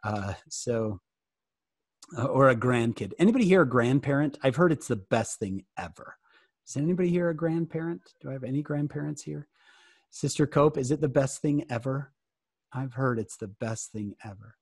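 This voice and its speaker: A man talks to a youth group over a video call in a loose, joking way, tossing questions to his listeners as he goes. His voice sits at an ordinary middle pitch. The sound is close and dry, with no room echo. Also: normal speed, breathy edge. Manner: joking, animated, asks the audience questions. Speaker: guest speaker answering youth questions. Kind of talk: casual fireside talk over video call.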